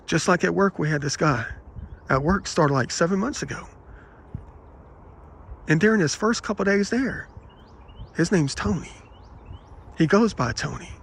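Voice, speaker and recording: A man's voice: a little high, a little slow, pauses often, breathy edge. Man telling aggrieved rambling anecdotes. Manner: aggrieved, animated retelling with quoted dialogue. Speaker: vlogger.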